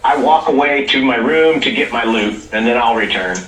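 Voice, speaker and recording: Bright-voiced matter-of-fact player. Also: male voice, medium pitch, normal speed, slight background noise. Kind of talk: tabletop game play. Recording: roomy distant mic.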